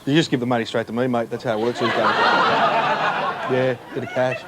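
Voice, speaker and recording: A man's voice: medium pitch, sing-song, moderate pace, very noisy. An Australian man doing a prank comedy bit as a mock-official parking attendant, teasing passers-by in a car park. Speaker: comedy segment presenter posing as parking attendant.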